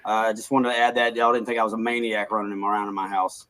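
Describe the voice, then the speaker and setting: A man talking in casual banter, loud, joking and profane. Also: fairly low pitch, level tone, fast talker.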